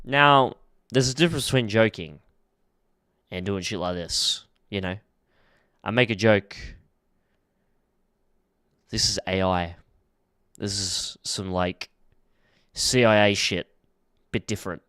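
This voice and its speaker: A young man streaming, reacting to clips with casual commentary that swings from muttered asides to shouted, swearing outbursts. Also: fairly low pitch, slow pace, long pauses, clean tone, dry recording, studio quality.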